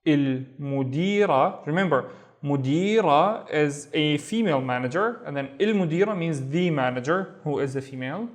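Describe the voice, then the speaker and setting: A man teaching Arabic reading, sounding out syllables slowly and patiently. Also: fairly high pitch, animated. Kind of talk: language lesson.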